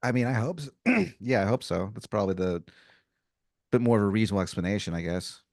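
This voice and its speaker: A man in casual comedic banter, answering a story with blunt swearing and incredulous questions. His voice sits low but swings widely in pitch. The recording is dry. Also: lively intonation, fast, creaky, darkish tone, dry recording. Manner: reacts with swearing and disbelief. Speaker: podcast co-host.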